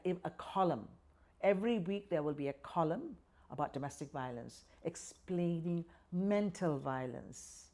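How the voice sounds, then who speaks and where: This activist guest is an older woman from Malaysia whose voice sits low and mellow, carrying a Malaysian English accent. In a conversational interview she talks with real passion, voicing other people's words herself and leaning on "right?" and "you know" again and again.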